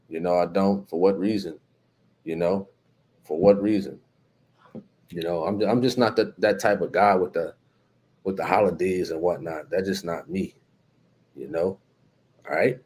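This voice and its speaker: A man from New Jersey, with a New Jersey accent and a voice on the low side and a little mellow, hosts a casual live-stream chat. He's laid-back, reading out viewer comments and greeting viewers by name, with many fillers.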